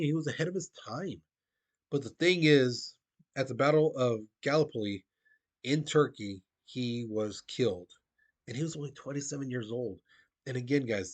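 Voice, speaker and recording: Man giving a casual history lecture. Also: medium pitch. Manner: conversational, addresses listeners as "guys", frequent restarts. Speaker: history teacher.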